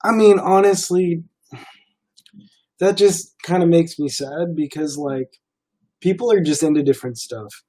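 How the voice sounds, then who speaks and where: A young man hosting a livestream chats casually, rambling in a relaxed way and filling pauses with lots of "um" and "like." His voice is a little high for a man, soft and mellow.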